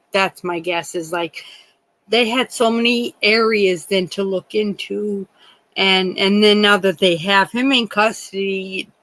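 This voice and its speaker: Woman livestream host, unhurried, rambling and indignant, dry close sound. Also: mid-range voice, bright, forceful tone, no room sound, rough recording. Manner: rambling and indignant, many restarts, swears. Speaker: true crime livestream host. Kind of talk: casual livestream chat.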